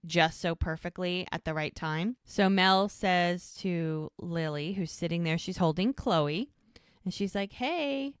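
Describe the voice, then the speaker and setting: A woman co-hosting a podcast, retelling scenes in a lively way and quoting characters. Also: lowish voice, unhurried, clear, resonant tone, no room sound, clean studio sound. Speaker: podcast co-host. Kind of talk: casual recap chat.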